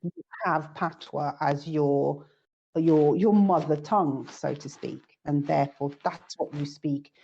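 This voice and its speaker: A woman's voice: deep voice, measured pace, gravelly, warm tone, a little hiss or hum. A woman from the United Kingdom, a guest sharing reflective stories in casual chat. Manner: reflective, storytelling. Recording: dull lo-fi audio.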